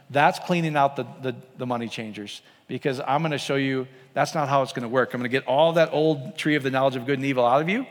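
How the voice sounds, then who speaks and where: Guy preaching to a room, slightly high voice, chatty, keeps asking the crowd stuff, hall echo. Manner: conversational, asks the congregation frequent questions. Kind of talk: sermon.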